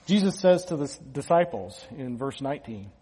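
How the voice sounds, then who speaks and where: A pastor delivering a conversational sermon, talking casually with restarts and the odd small laugh. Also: male voice, medium pitch, expressive, normal speed, mellow, husky, in a large hall.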